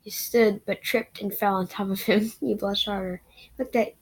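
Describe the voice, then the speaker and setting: Breathy woman reading a fan story aloud. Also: mid-range voice, steady tone, moderate pace, low-quality recording. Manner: casual, giggly, slightly stumbling reading. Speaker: reader of fan fiction.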